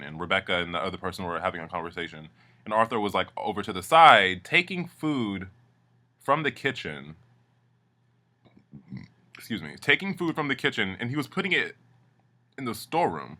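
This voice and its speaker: A man's voice: lowish voice, sharp tone. A man casually recapping a reality show, chatty and gossipy, swearing freely. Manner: chatty, gossipy, lots of fillers.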